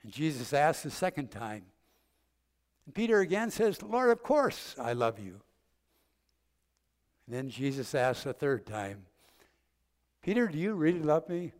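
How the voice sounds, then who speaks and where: An older man preaching a sermon, gently retelling a story with vivid detail and acted-out quotes. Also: on the high side. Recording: long hall reverb.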